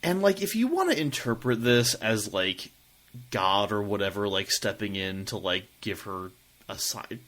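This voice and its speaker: Man, bright voice, podcast co-host, rambling casual talk. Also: lowish voice, expressive, a little slow. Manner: rambling, filler-heavy, many restarts. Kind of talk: casual book discussion.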